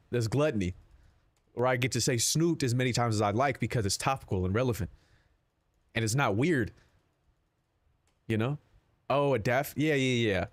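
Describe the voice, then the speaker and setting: A young man streams live, chatting casually with viewers and answering their chat. He rambles, swears and jokes around in a medium-pitched voice with no room sound.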